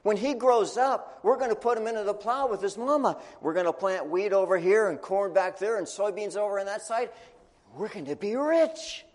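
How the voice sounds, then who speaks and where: A man's voice: high voice, expressive, moderate pace, a little mellow, voice pushed up. A man voicing a poor, middle-aged farmer father who talks eagerly and boastfully, in an echoey hall.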